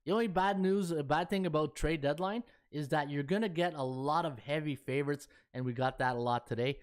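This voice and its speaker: A man's voice: on the high side, brisk. Chatty man hosting a podcast. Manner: chatty, folksy, peppers talk with "eh" and fillers. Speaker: sports betting podcast host. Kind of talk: casual chat.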